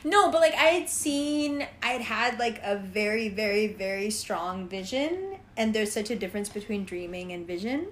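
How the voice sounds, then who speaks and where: A young woman in casual chat with friends, telling an animated story full of "like" fillers, acting out quotes and laughing often. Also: medium pitch, moderate pace, few pauses, slight background noise.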